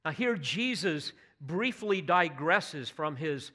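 Male preacher, slightly high voice, earnest and emphatic sermon delivery, asks his listeners direct questions. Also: animated, slow pace, sharp tone. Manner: earnest, emphatic preaching with rising bursts of intensity. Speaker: pastor.

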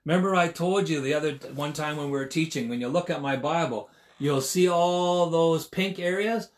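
A man in his sixties delivers a sermon in a notably high voice. He leans hard on key phrases, repeating them for emphasis. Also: moderate pace. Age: 60s. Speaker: preacher.

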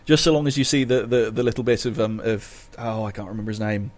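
A man's voice: lowish voice, level tone, fast talker. A man hosting a casual podcast chat, rambling along with many fillers. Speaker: podcast host.

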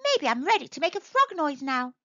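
A woman voicing an eager little male tadpole in a read-aloud storybook, high and excited. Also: moderate pace, vocal fry, no echo, full character voice. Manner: excited, high-pitched squeaky. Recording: dry, slightly dull recording.

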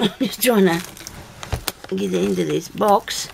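A woman's voice: mid-range voice, takes it slowly, vocal fry. A middle-aged woman chatting to her viewers as she opens a parcel, thinking aloud and exclaiming as she goes. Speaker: video blogger opening a parcel. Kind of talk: casual unboxing chat. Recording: noisy home recording.

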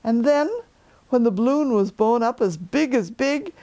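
Older female storyteller, mellow tone, very expressive storybook reading. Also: fairly high pitch, a little slow. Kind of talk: reading a children's story aloud.

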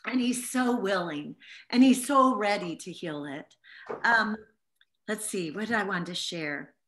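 Bright, earnest woman teaching the Bible. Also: mid-range voice, unhurried, slight background noise. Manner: earnest, heartfelt storytelling. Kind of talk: informal Bible teaching to a small group.

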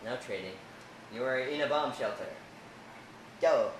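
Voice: medium pitch, measured pace. Laid-back improv host in a very echoey room. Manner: laid-back, laughs often. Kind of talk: hosting a casual improv game. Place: living room at home. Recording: very echoey room with background noise.

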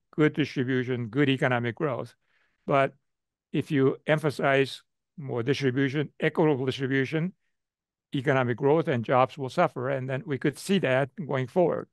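An older man answers questions as a guest economist over a video call. His voice sits at an ordinary pitch, and the sound is dry and close, with no room echo. He talks in loose spoken sentences full of fillers and repeated phrases. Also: steady tone, moderate pace. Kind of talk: webinar Q&A answer.

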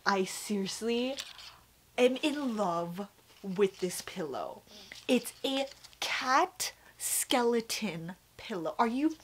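A young woman chatting casually at home as a vlogger, gushing and excitable, with lots of fillers. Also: fairly high pitch, slow, a little hiss or hum. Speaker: vlogger showing a shopping haul. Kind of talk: casual chat.

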